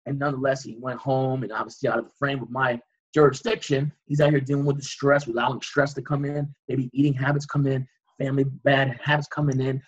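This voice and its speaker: Husky man telling a dramatic story. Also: mid-range voice, brisk, dull audio. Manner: animated, dramatic retelling with shouted reenactments. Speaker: guest. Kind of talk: storytelling interview.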